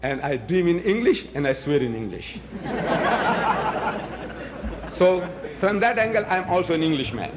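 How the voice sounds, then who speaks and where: Man, Gujarati speaker, fairly high voice, rhetorical debate speaker on a dull lo-fi recording. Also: sing-song, unhurried, pauses often, over a noisy crowd, heavy background noise. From South Africa. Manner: emphatic, rhetorical, challenges the audience with questions. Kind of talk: public debate address.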